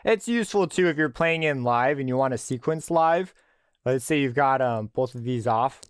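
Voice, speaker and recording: Man explaining a synth plugin, crisp. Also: mid-range voice, moderate pace, no echo, clean studio sound. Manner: relaxed explanatory, thinking aloud with fillers. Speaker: music production tutor. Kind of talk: screen-recorded software tutorial.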